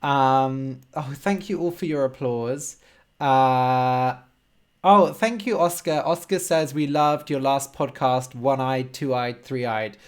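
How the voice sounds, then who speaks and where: A man's voice: mid-range voice, clean tone. A man teaching English on a live stream, explaining words patiently and checking in with frequent "okay?". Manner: slow, simple, encouraging explanations with frequent "okay?". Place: home room.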